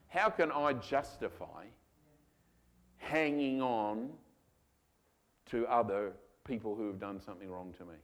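A male pastor preaching a sermon to his congregation, animated and given to acting out voices. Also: mid-range voice. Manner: animated, acts out voices of God and children. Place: church hall.

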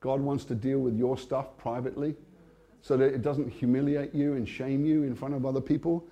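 A British man giving a testimony sermon, storytelling with energy and laughing often, swinging between hushed and loud. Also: mid-range voice, flat delivery, brisk, muffled recording. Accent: British English. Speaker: Christian speaker.

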